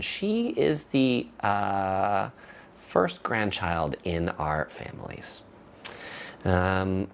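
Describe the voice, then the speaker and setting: A man from Southern California in his thirties, hosting a casual live stream and answering viewer questions in a relaxed, halting way with many fillers. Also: mid-range voice.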